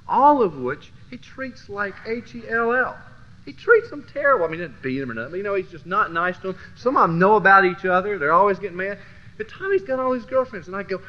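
A man teaching a Christian class through personal storytelling, swinging from low murmurs to loud bursts. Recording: dull lo-fi recording with faint hiss.

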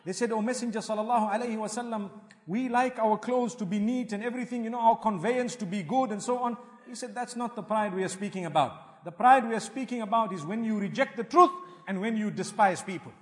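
A man giving a sermon as an Islamic preacher, animated and emphatic, weaving Arabic religious phrases into his English. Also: high-pitched, brisk. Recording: long hall reverb.

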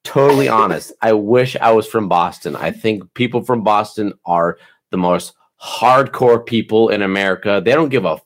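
A man's voice: fairly low pitch, normal speed. A man co-hosting a casual late-night podcast, tipsy, joking and swearing freely. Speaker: podcast co-host.

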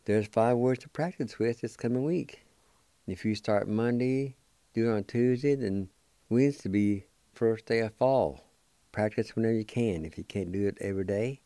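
A man hosting a radio language lesson, spelling out words letter by letter and repeating each one slowly for listeners to practice. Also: fairly low pitch, mellow, no room sound. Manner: slow, careful spelling out of letters and syllables; repeats each word several times for practice.

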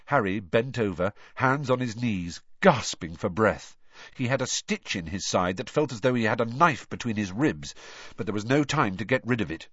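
A man reading an audiobook aloud as scripted narration, in an expressive storybook manner. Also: lowish voice, moderate pace, no room sound, highs cut off.

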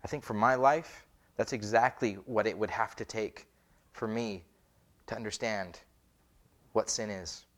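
A man's voice: lowish voice, measured pace, long pauses. A man, a pastor, preaching a conversational sermon with many rhetorical questions. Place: church.

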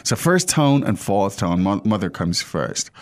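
A man's voice: fairly low pitch, big pitch swings, unhurried. A man hosting a language-lesson podcast, who explains patiently and keeps checking in with his co-host. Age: adult father.

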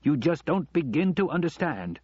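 A man playing a panicked shouting father. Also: mid-range voice, animated, fast, breathy edge, no room sound. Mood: agitated. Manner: loud, agitated, snapping. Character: panicked middle-aged male doctor, shouting father. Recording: dull lo-fi audiobook recording.

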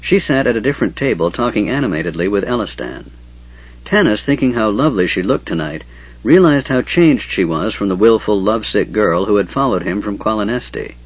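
Husky low-voiced male narrator. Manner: steady, measured storytelling. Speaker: audiobook narrator. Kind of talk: scripted fantasy narration. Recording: dull lo-fi audiobook recording.

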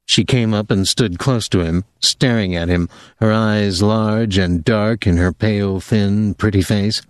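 A man narrating a novel aloud in a lively, expressive reading style. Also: lowish voice, measured pace, no echo, studio quality. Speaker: audiobook narrator. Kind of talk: scripted narration.

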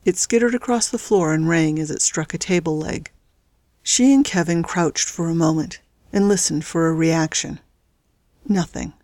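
A woman reads a thriller story aloud in a fairly low voice. The sound is dry and close, with no room around it. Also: moderate pace, a little mellow, no room sound. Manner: reads all characters with small pitch shifts. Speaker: audiobook narrator. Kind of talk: scripted narration.

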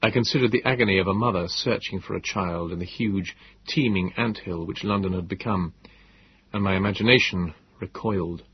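A man narrating a story in a measured, descriptive way. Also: low voice, husky, no echo, muffled recording. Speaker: audiobook narrator. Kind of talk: scripted narration.

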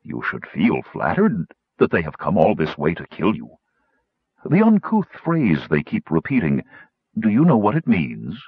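Brief: vast old brass dragon, unhurried and aloof, husky low voice, read by a man. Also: wildly swooping pitch, no room sound, narrow, tinny audio, exaggerated voice. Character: ancient brass dragon, male, huge, calm and aloof. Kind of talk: audiobook character voice.

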